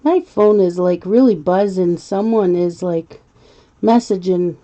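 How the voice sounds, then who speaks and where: A woman's voice: lowish voice, measured pace, warm tone. A middle-aged woman hosting a casual live stream while coloring, chatty, laughing often and reading viewer comments aloud. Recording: slightly muffled lo-fi stream audio.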